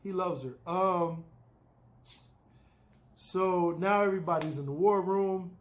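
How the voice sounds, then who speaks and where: A man's voice: sits high, takes it slowly. A man casually recapping a TV episode, loose and opinionated, peppering his talk with "you know" and "man".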